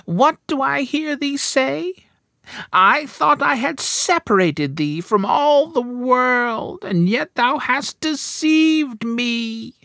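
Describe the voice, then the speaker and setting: A man's voice: vocal fry, sharp tone, dry recording, exaggerated voice. A man doing a shrieking wicked old enchantress. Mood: furious. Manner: slow, drawn-out shrieking falsetto. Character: wicked old female enchantress, shrill and cruel.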